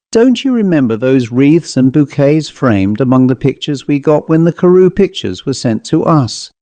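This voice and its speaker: A man reading aloud and voicing an excitable, petulant young spinster woman in a high, fussy manner. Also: no echo. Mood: contemptuous. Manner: high, fussy, breathless delivery.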